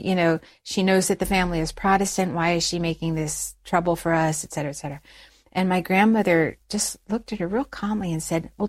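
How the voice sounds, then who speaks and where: Middle-aged woman guest telling her story, slightly low voice, jumps up high when quoting folks. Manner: animated storytelling, acts out quoted dialogue in a raised voice. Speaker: interview guest. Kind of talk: personal conversion story in conversation.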